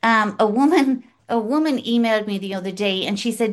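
A woman's voice: on the high side, a little fast, hardly any pauses. Frank, emphatic woman. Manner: emphatic, frank, swears casually, lists in rhythmic runs. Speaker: guest in recovery. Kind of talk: candid conversational chat.

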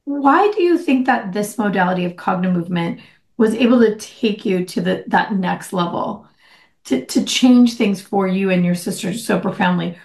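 A woman's voice: mid-range voice, animated, moderate pace, vocal fry, a little mellow. A woman interviewer, affirming and encouraging as she asks her guest questions. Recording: roomy echo.

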